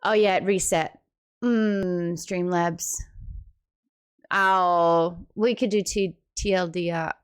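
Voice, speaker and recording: A woman in her late twenties with an Australian accent, hosting a book club livestream in casual chat, reading out viewer comments with sudden squeals and quick asides. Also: fairly low pitch, fairly even intonation, clear, resonant tone. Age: late 20s.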